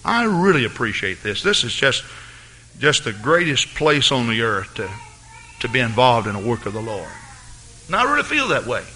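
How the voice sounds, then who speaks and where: A man preaching a fervent sermon as pastor of his church, rising to excited peaks. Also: mid-range voice, normal speed, a little hiss or hum.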